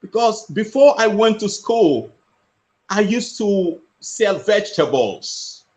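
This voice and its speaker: A lively, slow-spoken man telling his story. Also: sits high. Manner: earnest, repeats phrases for emphasis. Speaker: motivational speaker. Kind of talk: personal storytelling.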